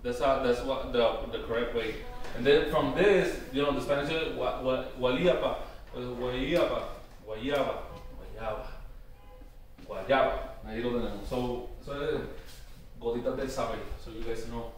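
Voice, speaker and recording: A man's voice: mid-range voice, fairly even intonation. Hesitant man in a very echoey room. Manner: hesitant, full of "um" and "you know", often restarts; slows down to spell out words. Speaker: workshop presenter on Taíno tradition. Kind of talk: informal teaching talk to a live group. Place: workshop room. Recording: very echoey room, far from the mic, faint noise.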